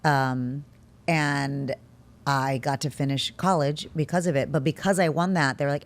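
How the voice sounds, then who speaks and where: A woman from Texas, an interview guest telling a casual story, animated, laughing often and acting out what her family said. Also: low voice, a little fast.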